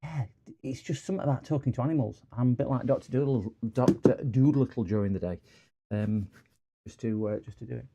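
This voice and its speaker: Creaky, mellow-voiced man. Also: medium pitch, quick pace. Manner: rambling, chatty, many fillers. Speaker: repair livestream host. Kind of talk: casual livestream chat. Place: home workshop.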